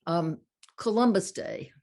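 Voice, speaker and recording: A woman's voice: fairly low pitch, sing-song, slow, gravelly, a little mellow. An older woman hosting an interview, chatty and affirming, telling personal anecdotes as she talks. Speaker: host. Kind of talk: conversational interview.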